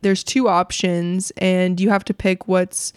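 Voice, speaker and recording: A young woman co-hosting a casual podcast, chatty and quick to laugh. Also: fairly low pitch, level tone, clear, resonant tone, no room sound, studio quality. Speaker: podcast co-host. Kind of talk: casual chat.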